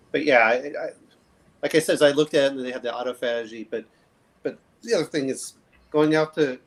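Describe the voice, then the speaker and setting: A man's voice: mid-range voice, poor audio. A man from the southern US hosting a casual group chat, rambling, restarting his sentences and laughing often. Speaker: livestream host.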